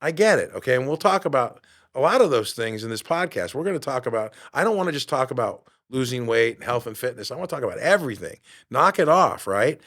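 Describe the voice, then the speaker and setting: A man's voice: mid-range voice, big pitch swings, fast, fairly bright tone. Emphatic middle-aged man hosting a podcast. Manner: emphatic and preachy, asks the listener rhetorical questions; swears casually. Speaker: podcast host. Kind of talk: motivational podcast talk.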